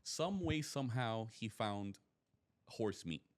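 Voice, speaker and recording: A young man co-hosting a podcast, telling stories in a relaxed, slangy way and laughing often. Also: lowish voice, slow. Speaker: podcast co-host. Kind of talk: casual chat, storytelling.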